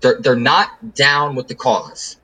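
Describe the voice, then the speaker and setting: A man's voice: mid-range voice, sing-song, slow, bright, forceful tone, slightly rough, poor audio. A man hosting a casual sports podcast, making his point with emphatic, repetitive phrasing. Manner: emphatic, repeats words while building an argument. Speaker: podcast host.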